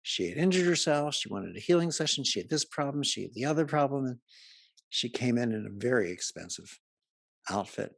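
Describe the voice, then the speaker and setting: A man's voice: mid-range voice, expressive, fairly quick, vocal fry, dry recording. A man giving a humorous talk to a live audience, telling chatty anecdotes and jokes and laughing at his own stories. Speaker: speaker presenting to a live audience. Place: live event before an audience.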